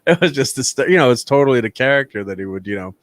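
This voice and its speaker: A man's voice: medium pitch, animated, very fast, dry recording. A man hosting a casual film review chat, rambling with lots of fillers and restarts and laughing often. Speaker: channel host, film reviewer.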